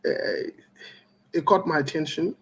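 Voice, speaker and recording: A gravelly male voice on the high side comes through poor audio as he hosts a call-in talk show. He greets callers by name one by one, joking along the way, then shifts to political commentary in a slow, deliberate manner.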